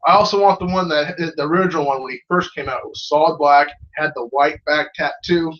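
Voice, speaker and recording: A man's voice: fairly high pitch, fairly quick, fairly bright tone, highs cut off. A man co-hosting a casual review chat, joking and laughing often. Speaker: co-host.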